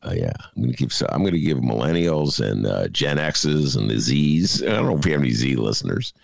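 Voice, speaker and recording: A gravelly older man riffs on the news with big swoops in his voice, jokey and full of asides. He sounds close and dry, with no room around him. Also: a bass voice, a little fast, no echo. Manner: jokey and animated, riffing with asides. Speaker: podcast co-host. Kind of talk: casual political commentary.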